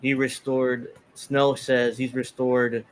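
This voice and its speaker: A man's voice: medium pitch, little pitch movement, takes it slowly, slight background noise. A man hosting a casual political talk show, reading posts aloud in a mocking tone and commenting sarcastically. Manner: sarcastic, reads tweets aloud in mocking voices. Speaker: podcast host.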